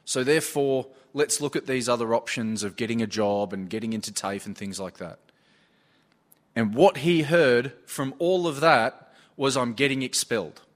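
A man's voice: mid-range voice, expressive, normal speed. A man preaching a sermon, earnestly telling stories from his own work and retelling what people said. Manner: earnest, storytelling with retold dialogue.

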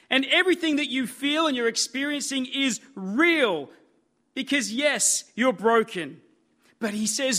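High-voiced, slow-speaking preacher man. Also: lively intonation, sharp tone. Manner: earnest, emphatic, building repetition. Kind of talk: sermon.

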